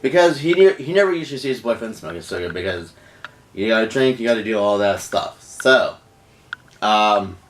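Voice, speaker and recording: A man's voice: on the low side, far from the mic, a little hiss or hum. A man casually telling a storytime tale, rambling with lots of restarts and "you know"s. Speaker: vlogger.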